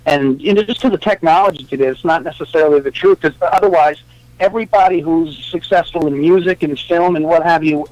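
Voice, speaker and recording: A man's voice: a little high, fairly quick, a little mellow, dry recording, lo-fi sound. Talkative man with a New York accent. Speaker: musician guest. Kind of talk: casual interview chat.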